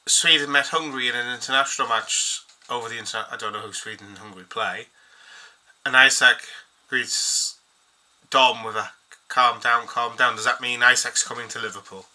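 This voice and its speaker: A man hosts a football fan channel, chatting casually on his own and reading bits of an article aloud in a rambling way. His mid-range voice is bright and forceful, at a moderate pace with long pauses. The recording is rough.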